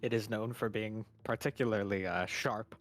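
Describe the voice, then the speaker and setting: Man, game master, relaxed amused narration, faint background music. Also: fairly low pitch, moderate pace.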